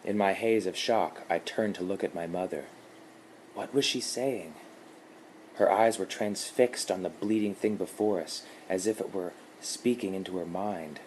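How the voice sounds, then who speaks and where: A man reads a horror story aloud in a low voice. He takes an unhurried, measured pace through the narration. A faint hiss runs underneath. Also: a little mellow.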